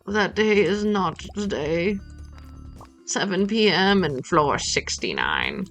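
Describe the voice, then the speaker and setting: A woman's voice: fairly low pitch, big pitch swings, takes it slowly, faint music behind. A woman streaming a farming game, chatting playfully and muttering to herself as she plays. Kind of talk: casual gameplay commentary.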